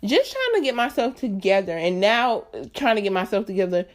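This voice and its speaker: A woman's voice: mid-range voice, very animated, a little fast. A woman in her late twenties hosting a solo podcast, talking candidly and earnestly straight to her listeners in a chatty, emphatic way. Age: late 20s. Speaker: podcast host.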